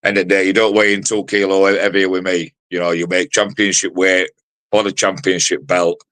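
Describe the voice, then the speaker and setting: Brash man in his forties, very low voice, dry close sound, swaggering fight talk. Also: level tone, fairly quick, a bit bright, no room sound. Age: 40s. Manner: brash, sweary trash talk with many fillers. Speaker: bare-knuckle fighter. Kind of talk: fight promo interview.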